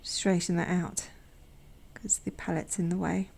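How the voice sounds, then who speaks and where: Slow, gravelly, soft-spoken woman painter. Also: on the low side, level tone. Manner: gentle and chatty, drops to a soft near-whisper; self-deprecating asides. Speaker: watercolor artist and channel host. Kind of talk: casual narration while painting swatches.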